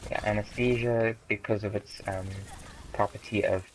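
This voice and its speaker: A man's voice: fairly low pitch, fairly even intonation, moderate pace, poor audio. A teenage boy, co-hosting a casual podcast chat, rambling and correcting himself as he jokes. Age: teens. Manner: rambling, self-correcting, joking. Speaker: podcast host.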